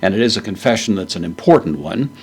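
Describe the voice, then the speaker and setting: A man giving a measured, verse-by-verse Bible lesson, explaining the Greek words with frequent pauses. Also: low-pitched, expressive, breathy edge. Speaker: Bible teacher.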